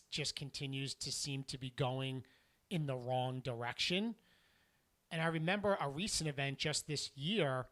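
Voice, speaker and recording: Middle-aged male motivational speaker, podcast monologue; bright, forceful tone, earnest delivery. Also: medium pitch. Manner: earnest and emphatic, drops softer when telling stories.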